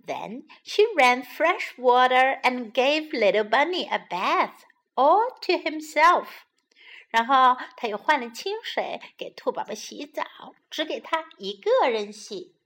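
A woman reads a children's story aloud in a gentle, teacherly way, her voice high and very lively. She speaks slowly and carefully, as if to small children, and stops to teach simple English words. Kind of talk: bilingual children's story narration.

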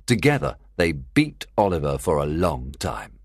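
Man, audiobook narrator, very deep, slow, animated pitch, learner storybook. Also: slight background noise. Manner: clear, deliberate storytelling. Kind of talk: graded reader audiobook narration.

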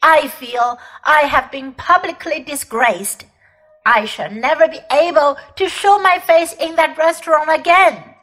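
Lady putting on a stuffy old gent, huffy and pompous, slow ranting. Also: high-pitched, a bit bright, low-quality recording. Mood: indignant. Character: pompous indignant old English gentleman.

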